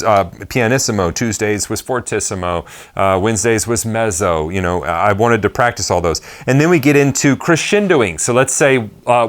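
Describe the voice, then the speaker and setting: A man giving a casual drum lesson at his kit, talking in a loose, chatty way with rambling asides. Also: on the low side. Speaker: drum teacher.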